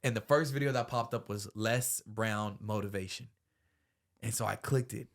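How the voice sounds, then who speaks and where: A man's voice: on the low side, normal speed. A young man hosting a podcast, telling a personal story earnestly, full of slang like bro and man. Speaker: podcast host.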